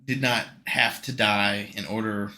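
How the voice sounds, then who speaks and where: Young man, podcast co-host, casual chat, jokey, rambling, laughs a lot, bright tense tone. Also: on the low side, fairly even intonation. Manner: joking, rambling, laughs often, puts on quick voices.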